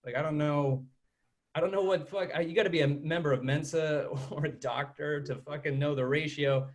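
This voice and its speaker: A man's voice: fairly high pitch, steady tone, normal speed. A man doing a rambling stand-up set over a video call, laughing at his own jokes. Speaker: stand-up comic.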